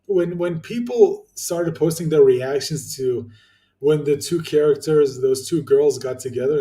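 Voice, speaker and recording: A young YouTuber answers viewer comments in a casual ranting vlog, bluntly venting with free swearing, many fillers, and frequent restarts. His voice is mellow, dark, and a little high, at a measured pace. He sits back from the mic in an echoey room, so he sounds distant.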